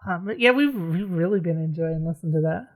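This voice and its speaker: A woman's voice: fairly low pitch, expressive, quick pace. A woman chatting casually as a podcast co-host, laughing as she talks. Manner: chatty, laughs while telling. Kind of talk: casual chat.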